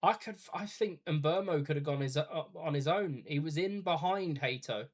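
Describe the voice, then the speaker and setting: A man's voice: on the high side, normal speed. A man streaming a watch party, giving chatty live play-by-play of a football match with casual asides.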